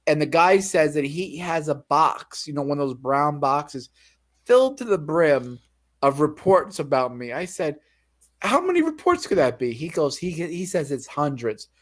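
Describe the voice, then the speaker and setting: A man's voice: fairly high pitch, unhurried. A man in casual chat, telling a story in a profane, ranting way. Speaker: guest telling his story.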